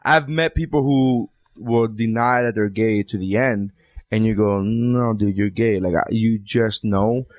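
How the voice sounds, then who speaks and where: A man's voice: lowish voice, measured pace, dry recording, studio quality. A man in casual chat, crude and joking, rambling with restarts.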